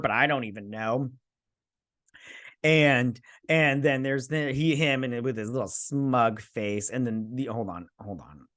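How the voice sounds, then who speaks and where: A host giving a casual, sarcastic recap and review of a TV episode, rambling with many fillers. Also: mid-range voice.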